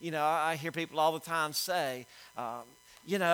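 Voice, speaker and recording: A middle-aged man preaching a sermon, swinging between loud emphatic lines and quiet storytelling. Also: on the high side, moderate pace, rough recording. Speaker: pastor.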